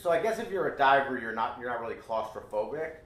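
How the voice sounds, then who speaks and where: A man's voice: mid-range voice, expressive, fast talker, fairly bright tone. A man co-hosting a podcast in casual chat, blunt and argumentative, swearing freely. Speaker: podcast co-host. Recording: echoey room.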